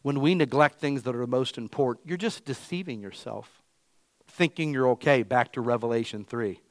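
A man's voice: mid-range voice, moderate pace, dry recording. A male pastor giving an emphatic, conversational sermon to his church.

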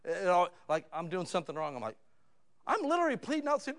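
A male pastor preaching a sermon in a conversational style, dropping to low asides and rising to loud, pleading emphasis. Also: big pitch swings, a little fast.

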